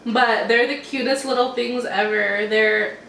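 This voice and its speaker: A young woman talks casually while eating at home, rambling in a laid-back way. Her voice sits a little high. The sound is roomy and comes from a mic set some way off, with a faint hiss beneath. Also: fairly even intonation, a little slow, a bit bright, far from the mic. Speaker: mukbang host.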